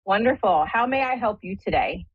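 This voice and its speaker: A woman's voice: medium pitch, animated, brisk, breathy edge, no room sound, narrow, tinny audio. A middle-aged woman from the American Midwest hosting a live call-in psychic radio show, chatty and spiritual, laughing often and checking in with "right?". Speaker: psychic medium radio host.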